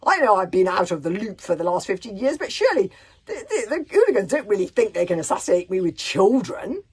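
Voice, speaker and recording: A woman voicing a crazed, twitchy male Viking chief who shrieks and barks in a husky voice while reading a storybook aloud. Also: mid-range voice, big pitch swings, fairly quick. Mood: huffy. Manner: shrieking, explosive shouts.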